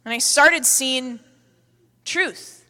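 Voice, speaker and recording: A woman preacher giving a sermon with energetic, humorous, emphatic storytelling. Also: high-pitched, drawn-out words. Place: church hall. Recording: echoey hall.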